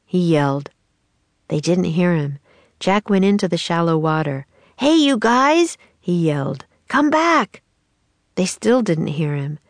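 Lady reading a kids' chapter book, lowish voice, dry close sound. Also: a little mellow, dry recording. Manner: clear, measured storytelling. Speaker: audiobook narrator. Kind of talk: children's book narration.

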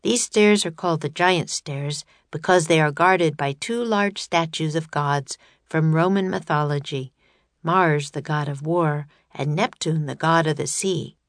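A woman's voice: low voice, a little slow, no room sound. A woman reading an audiobook, voicing a thoughtful young boy who speaks in a plain, matter-of-fact way.

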